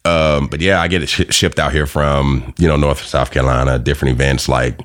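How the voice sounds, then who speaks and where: A man's voice: a bass voice, flat delivery, brisk, fairly bright tone. A man telling loose, profane stories in a casual podcast chat, laughing as he goes. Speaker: podcast guest.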